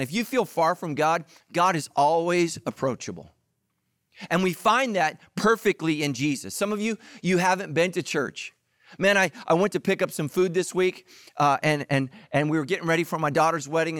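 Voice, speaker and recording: A middle-aged man preaching a sermon, lively and joking, talking straight to his listeners. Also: a little high, no room sound, clean studio sound. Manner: energetic, jokey preaching with audience asides. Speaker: pastor.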